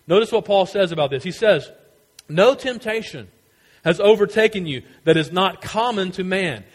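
Urgent, high-voiced preaching man in a hall. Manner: emphatic, urgent preaching with repeated refrains. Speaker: pastor. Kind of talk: sermon.

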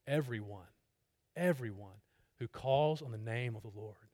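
A man preaching an evangelistic sermon, at times loud and urgent, at times soft and pleading. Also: medium pitch, unhurried.

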